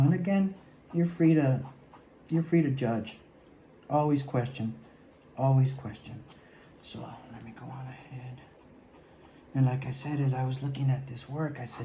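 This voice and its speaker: Dark-voiced man teaching art. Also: medium pitch, fairly even intonation, normal speed, pauses often, reverberant, a little hiss or hum, low-quality recording. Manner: encouraging, repeats "okay?" and "guys"; talks while drawing, often drops to a mumble. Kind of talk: recorded drawing lesson.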